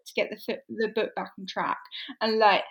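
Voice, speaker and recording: A woman's voice: medium pitch, flat delivery, moderate pace. A woman in casual chat, giggling often and jumping in with characters' lines while recapping a TV plot. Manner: giggly, jumps in with quoted lines.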